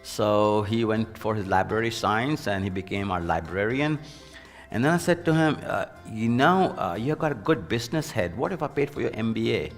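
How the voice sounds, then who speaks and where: A man with a fairly low voice tells an earnest, anecdotal story about his working life, his delivery turning animated when he quotes other people. His speech rings with a long reverb, and faint music plays underneath. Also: normal speed. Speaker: former university president, leadership speaker. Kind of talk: storytelling in an interview.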